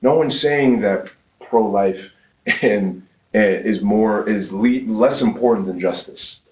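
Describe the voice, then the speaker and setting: Male conference speaker, 30s, on the lower side, emphatic questioner, echoey room. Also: slow. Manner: emphatic, fires rhetorical questions, frequent restarts. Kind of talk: live conference talk. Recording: roomy, distant from the mic.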